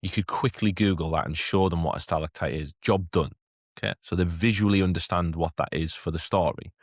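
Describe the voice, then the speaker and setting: Deep-voiced man explaining teaching. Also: brisk, no room sound, studio quality. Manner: chatty, keeps asking "okay?"; lifts into a bright classroom voice for demonstrations. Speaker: teacher trainer. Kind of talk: teacher training talk.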